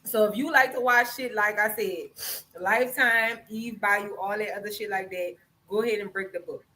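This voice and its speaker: A woman's voice: mid-range voice, fairly even intonation, moderate pace, bright, forceful tone, low-quality recording. Woman hosting a live chat. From Louisiana. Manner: loose, swearing, talks straight to viewers. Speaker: podcast host. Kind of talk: casual live-stream chat, book recommendation.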